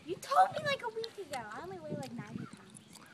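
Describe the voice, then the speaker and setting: A young woman rambling excitedly and giggling while chatting with a friend on a tree swing outdoors. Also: very high voice, quick pace. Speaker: friend filming a home video. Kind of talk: casual chat between friends. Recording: noisy outdoor home video.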